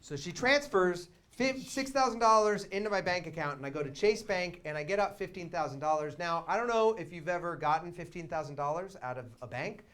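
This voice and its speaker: A young man telling a long comic story on a theater stage, chatty and wry, shouting quoted lines for effect. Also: high-pitched, brisk, hardly any pauses. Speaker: comedian. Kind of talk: live storytelling stand-up. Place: small theater stage with audience.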